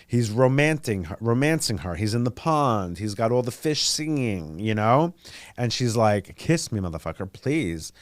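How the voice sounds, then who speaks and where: Rambling, animated podcast host, a man. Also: medium pitch, a little slow, dry recording, studio quality. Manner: rambling and animated, heavy on fillers. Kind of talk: casual chat.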